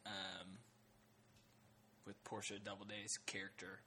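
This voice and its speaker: A man's voice: lowish voice, level tone, unhurried, sharp tone, a little hiss or hum. A man co-hosting a casual TV discussion podcast, talking hesitantly with many fillers and restarts. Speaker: podcast co-host.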